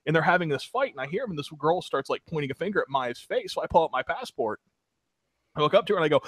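Male podcast co-host, quick storyteller, slightly high voice, dry close sound. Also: animated, no room sound. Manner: rambling storyteller, loud when acting out shouts. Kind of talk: casual chat.

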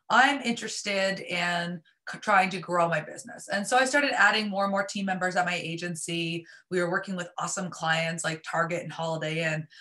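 A woman presenting a live online marketing workshop, upbeat and chatty, her voice a little raspy as she is losing it. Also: lowish voice, sharp tone. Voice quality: slightly raspy. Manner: upbeat, chatty, many fillers.

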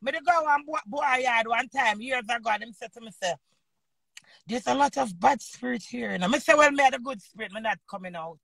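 A Jamaican woman in her fifties, an entertainer and host, ranting loudly in an unscripted live video and swearing freely. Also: fairly high pitch, fairly quick, gravelly, husky, no room sound. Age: 50s. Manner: loud, combative, swearing freely.

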